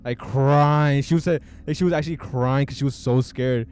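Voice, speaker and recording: A man's voice: medium pitch, fast, mellow, slight background noise. A young man hosting a podcast, telling a story in loose, filler-heavy casual chat and laughing often. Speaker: podcast host.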